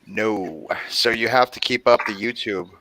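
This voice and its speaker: A man with a low but forceful, sharp-edged voice chats on a group stream. He speaks in a dry, blunt, matter-of-fact way. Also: unhurried, a little hiss or hum, low-quality recording. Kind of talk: casual chat.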